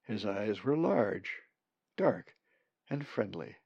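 A man reading a storybook aloud, slow and expressive, his low voice gravelly and a little husky. It is a dry, dull lo-fi recording. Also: no echo. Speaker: audiobook narrator. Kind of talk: scripted narration.

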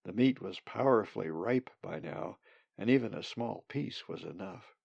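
A man narrating a story in a calm, measured way. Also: fairly low pitch, vocal fry, slightly rough, dry recording, lo-fi sound. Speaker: audiobook narrator. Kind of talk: scripted narration.

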